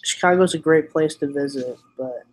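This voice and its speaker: A man's voice: on the high side, normal speed, low-quality recording. A young man with a clogged nose, chatting casually on a stream and joking in a rambling way. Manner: rambling, joking, laughs at own stories. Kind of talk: casual chat.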